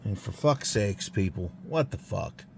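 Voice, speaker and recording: A man's voice: on the low side, animated, unhurried, creaky, a little hiss or hum. A man ranting casually and angrily to camera in a garage, swearing constantly and grumbling about a failed car repair. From United States. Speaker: garage vlogger. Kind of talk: casual profane rant to camera. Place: home garage.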